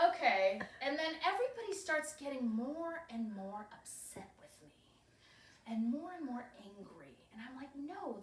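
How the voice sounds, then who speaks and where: A woman's voice: sits high, pushed and bright, exaggerated voice. A woman playing a giggly carefree mermaid goddess. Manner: giggly, breezy, laughs often between phrases. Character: cheeky, carefree female winged mermaid goddess. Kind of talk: improvised first-person character storytelling. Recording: roomy echo.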